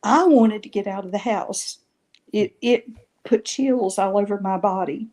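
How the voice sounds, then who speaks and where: A middle-aged woman with a mellow, medium-pitched voice speaks a little slowly as a guest in a casual storytelling interview. Recounting her paranormal experiences, she tells a long, rambling tale and keeps correcting herself.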